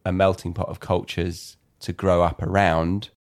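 Low-voiced British English podcast host. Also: male voice, flat delivery, unhurried. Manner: inquisitive, brief prompts. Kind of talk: casual conversation.

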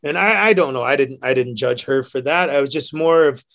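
A man, a bartender guest, telling stories casually, animated and laughing often. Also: mid-range voice, fairly quick. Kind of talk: casual storytelling.

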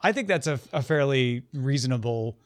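A man's voice: mid-range voice, lively intonation, normal speed, no echo. A man co-hosting a casual book discussion over a video call, eager and enthusiastic. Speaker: podcast co-host.

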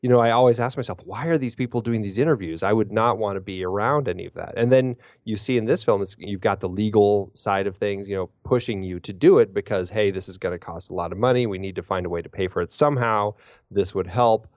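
A man with a lowish voice chats about a film, hesitating often and restarting his sentences. His voice is recorded close and dry, with no room sound. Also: quick pace, a little mellow, no echo. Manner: hesitant, many fillers and restarts. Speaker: podcast co-host. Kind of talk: casual film discussion.

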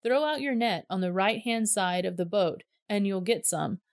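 A woman voicing a calm, gentle male teacher speaking to his followers, in a steady, earnest reading voice. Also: medium pitch, normal speed, no echo, clean studio sound, close to an everyday voice.

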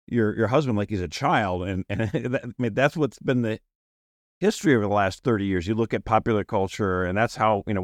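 A man co-hosting a casual panel podcast, animated and quick to laugh, acting out quotes as he talks. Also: on the low side, no room sound, clean studio sound. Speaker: podcast co-host.

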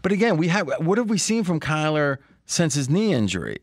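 Animated joking man, podcast host. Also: a little high, brisk, no echo, clean studio sound. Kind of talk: sports betting podcast chat.

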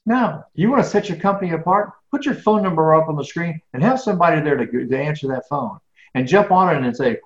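A man's voice: a little high, quick pace. Earnest middle-aged man, roomy lo-fi sound. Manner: earnest, rambling, repeats words, grows animated when ranting. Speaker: guest, business speaker. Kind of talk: casual interview answers.

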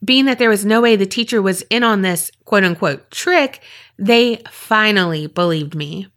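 A woman's voice: mid-range voice, normal speed. Woman reading eerie listener stories. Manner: steady storytelling read with brief asides.

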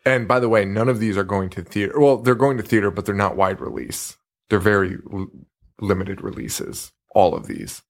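A young man co-hosting a podcast in casual chat, animated and jokey, swearing freely and slipping into mock voices. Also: on the low side, normal speed. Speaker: podcast co-host.

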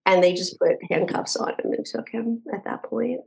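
A woman's voice: medium pitch, moderate pace, gravelly, a little mellow, low-quality recording. A middle-aged woman, a podcast guest, earnestly retelling a personal story in detail with frequent restarts.

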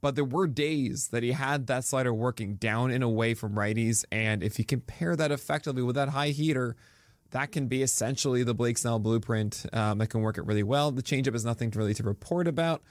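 A man's voice: medium pitch, no room sound, clean studio sound. A man co-hosting a casual sports podcast, rattling off statistics and laughing at his own puns. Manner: stat-heavy, talks fast and laughs at his own puns. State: drinking coffee. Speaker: podcast co-host. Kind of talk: casual fantasy baseball podcast chat.

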